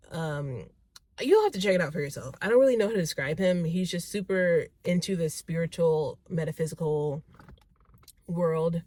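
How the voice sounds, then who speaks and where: Chatty young woman vlogger, rambling, self-correcting, slightly low pitch, dry close sound. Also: darkish tone, dry recording. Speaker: vlogger answering viewer questions. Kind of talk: casual talking-to-camera vlog.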